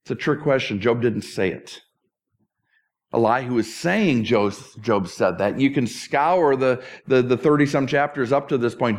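A middle-aged male pastor preaching a conversational sermon, animated and self-deprecating with touches of humor. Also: medium pitch.

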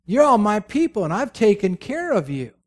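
A man's voice: high-pitched, big pitch swings, normal speed, a little mellow, voice pushed up. A preacher voicing a paranoid, self-pitying ancient king who boasts of what he has given his people. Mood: boastful pleading.

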